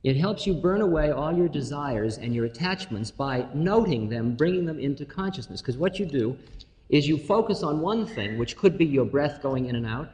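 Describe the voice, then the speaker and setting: A man's voice: fairly high pitch, expressive, normal speed, darkish tone. Man, spiritual lecturer, amused storyteller, recorded in a hall with long reverb. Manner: wry, laughing, musing, playful asides. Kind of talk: storytelling talk.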